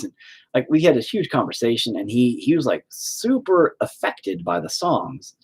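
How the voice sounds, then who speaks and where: A man with a husky, somewhat breathy voice talks openly and at length, drifting from one thought to the next. His speech is loose and profane, padded with "you know" and "like." His pitch sits right in the middle of the usual range for a man. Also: big pitch swings, moderate pace, a little mellow. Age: adult with children. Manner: rambling and profane, full of "you know" fillers. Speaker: podcast host and band vocalist. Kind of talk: casual confessional chat.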